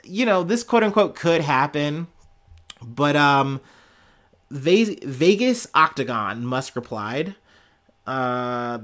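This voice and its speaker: A man's voice: on the high side, animated, takes it slowly, a bit bright. A man hosting a casual solo news podcast, jokey and sarcastic, laughing often as he riffs. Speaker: podcast host.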